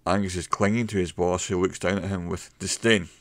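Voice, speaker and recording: A man narrating a mystery story in a slow, measured way. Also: sits low, fairly even intonation, no echo.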